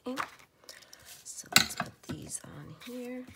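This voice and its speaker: Female crafter, low gravelly voice, rambling chat that slips into whispers, noisy home recording. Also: expressive, slow pace. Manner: chatty, rambling, often drops to a soft whisper. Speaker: crafter making journal ephemera.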